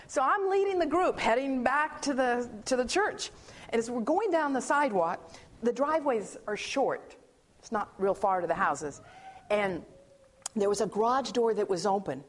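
A woman with a high voice tells a personal testimony. She tells it with animation, acts out the voices of the people in the story, and often stops and restarts her sentences. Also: normal speed. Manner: animated storytelling with acted-out quotes and frequent restarts. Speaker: churchgoer sharing a personal testimony.

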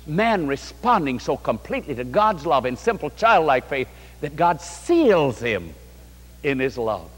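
A man's voice: on the high side, very animated, a little slow, in a large hall. A man preaching a sermon to a large congregation, from New York State, in a fervent, rising and falling delivery. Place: large hall before a congregation.

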